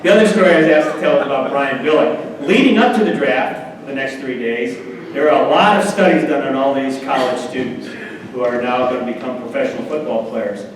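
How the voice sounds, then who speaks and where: A man's voice: mid-range voice, a little fast. Storytelling man in an echoey hall. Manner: animated anecdotes, acts out quoted voices. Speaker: guest speaker. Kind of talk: after-dinner storytelling. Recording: echoey hall, distant mic, faint noise.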